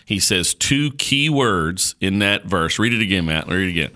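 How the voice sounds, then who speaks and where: A man's voice: sits low, expressive, moderate pace, bright, forceful tone. A male podcast host preaching on a Bible passage in an emphatic, repetitive, colloquial way.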